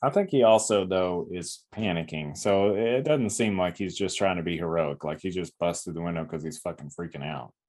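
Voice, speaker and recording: A man's voice: deep voice, normal speed, few pauses, a little mellow. A man co-hosting a casual comic review podcast, blunt and swearing freely. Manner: blunt and heavily profane; acts out characters in quoted lines. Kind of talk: casual chat.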